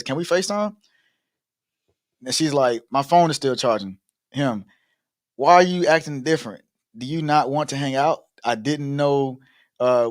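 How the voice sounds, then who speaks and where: Man, co-host, casual chat, reads texts aloud, animated, dry sound. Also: mid-range voice, no echo. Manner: animated, laughs often, acts out the text messages. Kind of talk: casual podcast chat, reading messages aloud.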